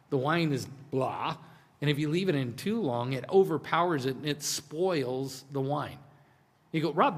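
A man preaching a sermon in a conversational style, swinging between hushed, drawn-out lines and emphatic bursts. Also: fairly high pitch. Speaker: pastor. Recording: long hall reverb.

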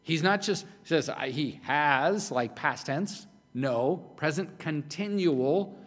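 A man's voice: a little high, lively intonation, slow pace, a bit bright. A man preaching a sermon as pastor, emphatic and conversational, often repeating himself. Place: church hall. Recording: long hall reverb.

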